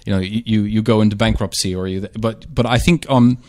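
A man's voice: fairly low pitch, steady tone, a little fast, darkish tone, dry recording. An American man from the southern United States hosting a radio talk, thinking aloud with frequent restarts. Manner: thoughtful, hesitant with restarts. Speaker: host. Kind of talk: casual radio conversation.

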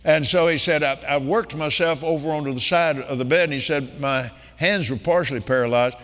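An older man preaching to a crowd, retelling a story in quoted lines that climb into emphatic declarations. His voice sits high and rings bright. It carries the long reverb of a large meeting hall. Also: brisk. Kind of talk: sermon storytelling.

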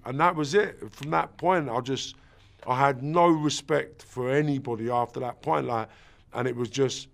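Gravelly man telling his story. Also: medium pitch, moderate pace. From England. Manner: blunt, swears, acts out what people said. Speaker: interviewee. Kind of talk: personal storytelling.

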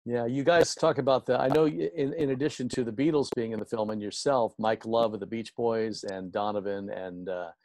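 A man's voice: medium pitch, steady tone, fairly quick, hardly any pauses, a little mellow, no room sound. A man hosting an interview over a video call, asking long, enthusiastic, rambling questions. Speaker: show host.

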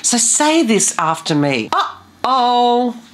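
A woman vocal coach giving a clear, methodical lesson and explaining each step carefully. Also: deep voice, expressive, unhurried. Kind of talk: scripted teaching.

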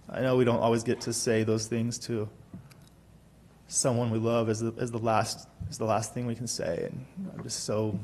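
A man speaking at his grandfather's funeral, talking haltingly and softly and repeating words as he gathers himself. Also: mid-range voice, level tone, a little hiss or hum. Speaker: grandson giving a eulogy. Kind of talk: funeral eulogy. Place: funeral home chapel.

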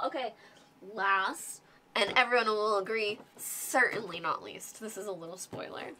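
A woman hosting a casual show-and-tell vlog, gushing and excitable with plenty of filler words. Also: mid-range voice, takes it slowly, a little hiss or hum. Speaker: guest host showing board game miniatures.

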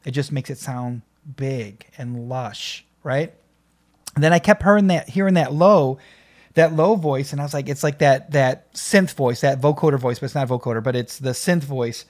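A man's voice: medium pitch, normal speed, a little mellow. A man hosting a music reaction video, talking casually and enthusiastically with many fillers and restarts.

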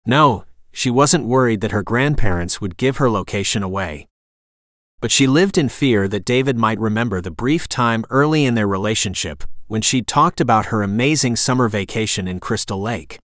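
A man reading a romantic suspense novel aloud as an audiobook narrator, in a steady, even storytelling manner. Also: fairly low pitch, normal speed, dry recording, clean studio sound. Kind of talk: scripted narration.

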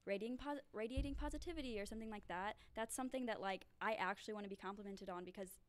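A woman's voice: medium pitch, very fast. A young woman guest on a podcast, chatting casually and playfully, going along with the jokes. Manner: playful, goes along with the joke, lots of "like". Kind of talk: casual chat.

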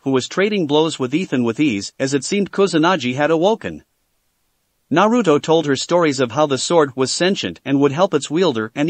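A man reading a fan fiction story aloud as narrator in a steady storytelling manner. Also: on the high side, no room sound.

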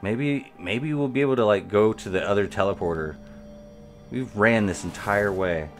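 Low-voiced man streaming gameplay. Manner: rambling, talks to viewers while playing. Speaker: game streamer. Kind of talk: live gameplay commentary.

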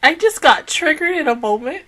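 High bright-voiced tearful woman. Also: expressive, normal speed. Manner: emotional, exclaiming, swearing often. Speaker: anime reaction channel host. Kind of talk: casual reaction commentary.

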